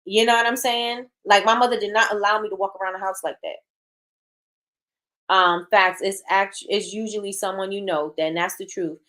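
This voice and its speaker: A woman talks bluntly as a show host, hammering home her points by saying them again and again. Her pitch sits in an ordinary middle range. She is casual and direct and reacts to viewer comments as she goes. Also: fairly even intonation, moderate pace, sharp tone. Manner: emphatic, repeats phrases for emphasis; frank and blunt. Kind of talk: casual opinion talk, reading live chat.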